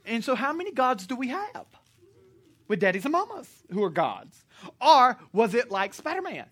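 A pastor preaching to a congregation in church, animated and joking, sometimes shouting. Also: male voice, extremely high pitch, normal speed. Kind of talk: sermon.

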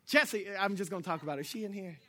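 Young male preacher, high bright voice, animated, jokey, loud-to-soft swings. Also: racing. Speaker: pastor. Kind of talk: sermon.

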